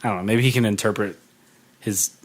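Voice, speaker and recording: A man's voice: fairly low pitch, steady tone, brisk. A man in his thirties co-hosting a podcast, rambling casually and filling his talk with "like". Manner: rambling, full of "like" and restarts. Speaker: podcast co-host. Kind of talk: casual chat.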